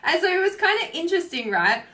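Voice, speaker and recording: A woman's voice: very high-pitched, sing-song, fast, bright, forceful tone. A woman who is a spiritual coach, talking casually on a livestream in a rambling way, with many fillers and free swearing.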